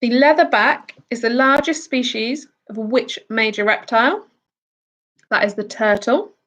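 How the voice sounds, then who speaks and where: Slow-talking woman hosting a quiz. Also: on the high side, a bit bright. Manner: chatty, reads out questions then answers with asides. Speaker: quiz host.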